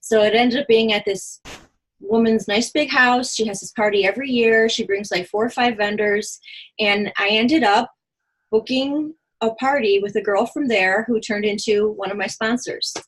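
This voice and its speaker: A husky-voiced woman chats quickly and animatedly, trading sales tips with her team. She acts out little quoted exchanges as she goes, in an easy, friendly meeting tone. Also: on the high side, poor audio. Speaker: jewelry consultant sharing tips. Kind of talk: casual team meeting chat.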